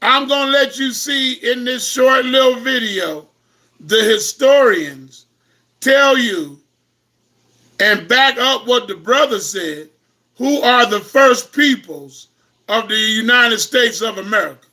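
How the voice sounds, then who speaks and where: A man giving an impassioned, preaching-style lecture to online viewers, repeating himself and breaking into shouts. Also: extremely high pitch, slow pace. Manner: impassioned, repetitive, bursts into shouting. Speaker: host of an online talk.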